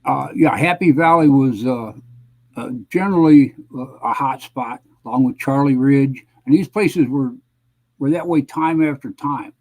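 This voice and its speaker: A man in his seventies, a guest veteran, answering interview questions in a halting, measured way with frequent pauses. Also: mid-range voice, darkish tone, poor audio. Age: 70s. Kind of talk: conversational interview reminiscing.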